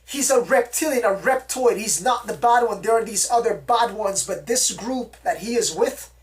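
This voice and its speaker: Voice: medium pitch, normal speed, voice pushed up, lightly acted. A speaker voicing a female psychic reading tarot cards, who explains her reading in an earnest, certain way. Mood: explaining. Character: female psychic card reader, calm and certain.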